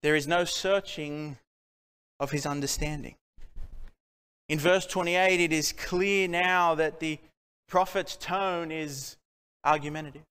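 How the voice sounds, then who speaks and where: A man from Australia delivers a sermon in a bright, high voice with a smooth, resonant tone. He preaches earnestly, pressing his point with rhetorical questions. Long reverb from the church hall trails each phrase. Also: steady tone, slow pace, pauses often.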